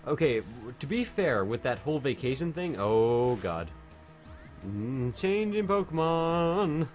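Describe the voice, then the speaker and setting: A man's voice: medium pitch, very animated, normal speed, a little mellow, faint music behind. Drunk, rambling streamer guy. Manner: rambling, swears a lot. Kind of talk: casual game-stream chat.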